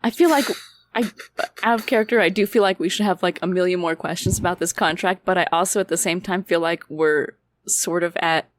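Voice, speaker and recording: A woman's voice: fairly low pitch, brisk, no echo. A woman playing a tabletop game, inquisitive and giggly, with hesitant starts. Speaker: player. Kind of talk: casual chat at a tabletop game.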